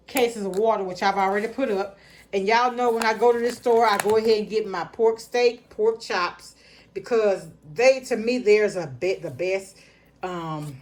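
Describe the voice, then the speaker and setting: A woman's voice: medium pitch, a little hiss or hum. Chatty middle-aged woman. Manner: chatty, folksy, addresses viewers as y'all. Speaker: vlogger. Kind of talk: casual grocery haul chat.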